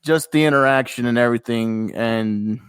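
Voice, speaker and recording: A man chats on a podcast in an easy, storytelling way. His voice sits in a middle pitch and the sound is dry and close, with no room around it. He livens up whenever he acts out what someone else said. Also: moderate pace, clear, resonant tone, dry recording. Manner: storytelling, animated when quoting others. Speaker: podcast co-host. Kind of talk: casual podcast chat.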